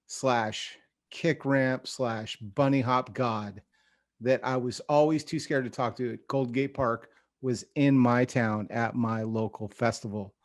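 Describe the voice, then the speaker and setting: A man's voice: mid-range voice, no echo, clean studio sound. A man hosting a podcast, telling a rambling story and laughing through his lines. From California. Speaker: podcast host. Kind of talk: casual podcast chat.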